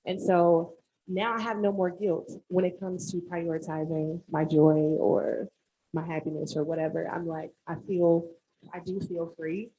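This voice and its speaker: A woman's voice: lowish voice, steady tone, unhurried, mellow, slight background noise. A woman panelist speaking earnestly about her personal experience. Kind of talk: reflective panel discussion. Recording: dull, muffled sound.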